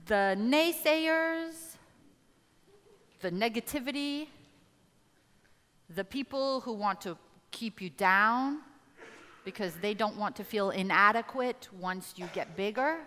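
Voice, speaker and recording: A woman's voice: medium pitch, unhurried, pauses often, sharp tone, big-room sound. A woman giving a live motivational talk, rallying the audience with direct questions. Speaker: motivational speaker.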